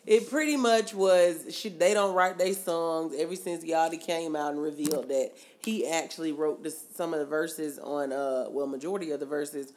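A woman's voice: sits low, moderate pace, few pauses. Woman hosting a podcast, gossipy and laughing, just chatting. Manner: gossipy, laughing, reads quotes aloud. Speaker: podcast co-host. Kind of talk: casual chat.

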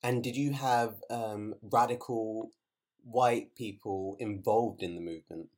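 A man interviewing a guest, asking measured, inquisitive questions with short pauses. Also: on the low side, a little mellow.

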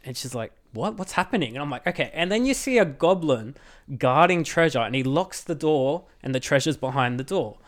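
A man co-hosting a board game podcast, telling a story in a casual, animated way and laughing often. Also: mid-range voice, moderate pace. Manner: laughs often, animated retelling with acted quotes. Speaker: podcast host.

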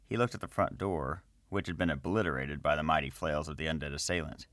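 A man's voice: a bass voice, brisk, fairly bright tone, no room sound. A man narrating a fantasy story and chatting to his listeners in a friendly way.

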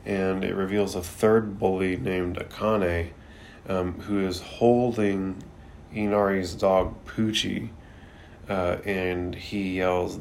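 A man's voice: low-pitched, steady tone, slow pace, vocal fry, darkish tone, slight background noise. A man recapping an anime episode in a laid-back, casual way, swearing freely and using loose filler words. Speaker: anime reviewer.

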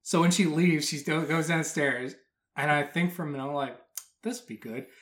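A man's voice: a little high, steady tone, a little fast, a bit bright. A man co-hosting a podcast, telling stories in casual chat, swearing freely and laughing at his own jokes. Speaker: podcast co-host.

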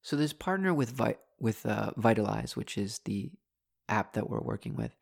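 A young man, a mindfulness teacher, talking candidly into a desktop mic in his bedroom, animated and venting frustration. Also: lowish voice, moderate pace, gravelly, husky. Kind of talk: casual candid vlog talk. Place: bedroom at home. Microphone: desktop USB condenser mic.

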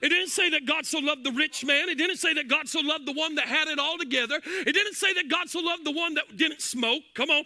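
A man preaching a fiery sermon from a church platform, shouting and half-singing his phrases. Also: extremely high pitch, brisk, hardly any pauses, no room sound. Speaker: pastor. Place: church sanctuary.

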